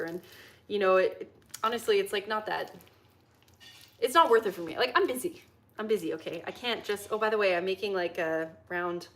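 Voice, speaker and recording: A woman's voice: mid-range voice, moderate pace, fairly bright tone, slight background noise. Chatty young woman cooking on a livestream. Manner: chatty, laughing, reading chat questions. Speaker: livestream host. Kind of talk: casual livestream chat while cooking. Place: home kitchen.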